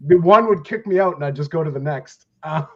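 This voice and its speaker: A man's voice: fairly high pitch, brisk. A man chatting as a podcast host, blunt and joking, swearing without a second thought. His audio comes through dull and a bit lo-fi. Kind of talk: casual chat.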